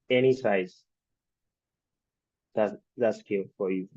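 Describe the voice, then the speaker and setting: A man's voice: fairly low pitch, unhurried, warm tone, dry recording, dull audio. A man teaching design principles in a virtual training session, explaining patiently and asking rhetorical questions of his class. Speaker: design instructor.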